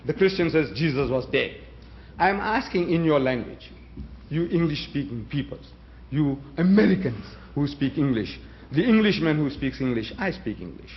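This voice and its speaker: Man, Gujarati speaker, fairly high voice, rhetorical debate speaker on a dull lo-fi recording. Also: expressive, normal speed, slight background noise. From South Africa. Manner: emphatic, rhetorical, challenges the audience with questions. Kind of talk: public debate address.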